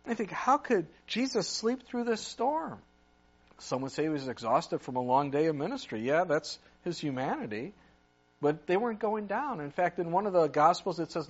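Higher-voiced male pastor, dull lo-fi sound. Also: lively intonation, normal speed. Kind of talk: sermon.

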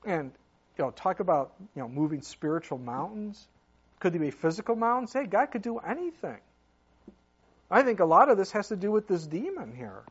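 Husky-voiced man preaching a sermon. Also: high-pitched, big pitch swings, moderate pace, highs cut off. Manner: conversational, many fillers, earnest. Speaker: pastor.

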